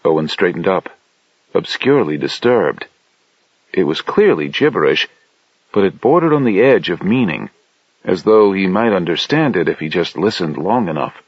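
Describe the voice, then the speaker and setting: A man reading a science fiction audiobook in steady, measured narration. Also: deep voice, slightly rough, no echo. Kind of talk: scripted narration. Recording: dull lo-fi dry audiobook recording.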